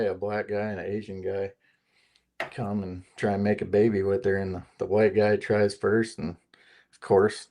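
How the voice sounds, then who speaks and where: A man's voice: lowish voice, darkish tone. A man on a casual livestream panel, chatting loosely, telling jokes and laughing often. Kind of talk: casual chat.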